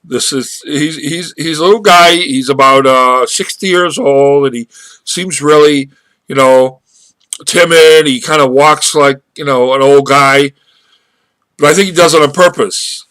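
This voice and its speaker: Speaking casually into his webcam microphone, a man rambles through a story and pulls a marketing lesson out of it, halting often and restarting his sentences. His voice runs on the high side and a bit bright, with no echo.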